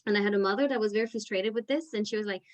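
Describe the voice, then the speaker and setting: A woman's voice: mid-range voice, racing, rough recording. A woman teacher leading a parent education session over a video call, talking in a chatty, filler-heavy way. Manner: chatty, with many "like" fillers and restarts. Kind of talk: casual explanatory talk.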